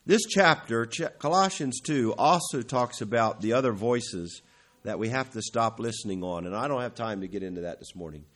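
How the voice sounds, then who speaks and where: A man's voice: expressive, normal speed. Man preaching, swelling and falling. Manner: rises to emphatic peaks then drops low and quiet; clears throat now and then, self-corrects. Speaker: pastor. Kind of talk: sermon.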